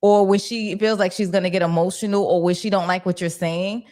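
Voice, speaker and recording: A young adult woman hosting a casual livestream, reading viewer comments aloud and answering in lively, slangy talk. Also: mid-range voice, fairly quick. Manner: animated and slangy, talks back to chat. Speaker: host of a TV recap livestream.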